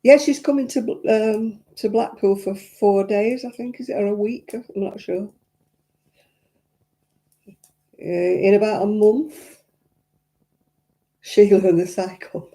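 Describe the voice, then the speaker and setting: An older woman with a Lancashire accent chats with viewers on a crafting livestream. Her voice is low and very dark, with a gravelly fry at the ends of phrases. She rambles from story to story and laughs easily. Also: measured pace, pauses often. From Royton, North West England. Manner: chatty, rambling, frequent chuckles. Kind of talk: casual chat reading viewer comments.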